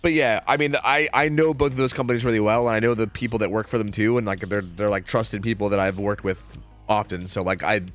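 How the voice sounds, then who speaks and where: A man's voice: lowish voice, fairly even intonation, fast, a bit bright, faint music behind. A young man streaming, chatting casually with viewers in a rambling, profane, sarcastic way.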